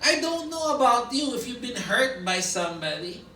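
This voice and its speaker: Filipino-accented preacher in an echoey hall. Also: male voice, extremely high pitch, normal speed, a little hiss or hum. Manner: animated storytelling, mixing in Tagalog asides. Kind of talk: sermon. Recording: echoey room picked up from a distance.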